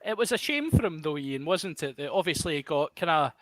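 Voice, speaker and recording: A man's voice: a little high, lively intonation, brisk, no room sound. A Glaswegian man hosting a podcast in casual chat, jokey and self-mocking. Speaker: podcast host.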